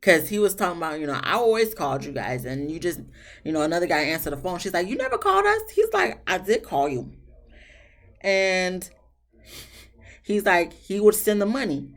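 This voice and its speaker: Low-voiced woman recapping reality TV. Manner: animated, jokey, slangy, quotes cast members in quick voices. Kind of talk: casual recap commentary.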